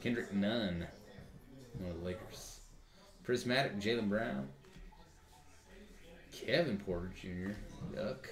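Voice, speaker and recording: A man's voice: fairly low pitch, slow, pauses often. A man hosting a live card break, rattling off card names and joking with others. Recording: echoey room with crowd noise.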